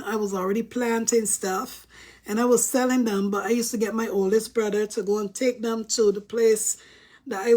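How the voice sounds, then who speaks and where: A woman's voice: a little high, mellow. A woman telling stories to her viewers in a casual, chatty way, laughing often. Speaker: vlogger. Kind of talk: casual storytelling to camera.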